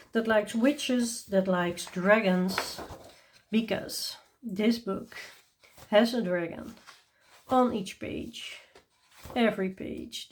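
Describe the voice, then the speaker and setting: Hosting her coloring channel, a tired, yawning woman gives a casual show-and-tell review of books, chatty and enthusiastic with lots of ums and small laughs. Her voice sits at medium pitch with a darkish tone.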